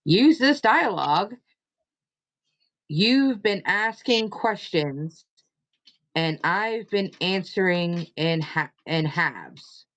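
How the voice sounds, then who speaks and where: Stream host, female, easygoing and slow, lo-fi mic. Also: on the low side, animated, fairly bright tone. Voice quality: unhurried, rambling with fillers. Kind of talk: casual chat.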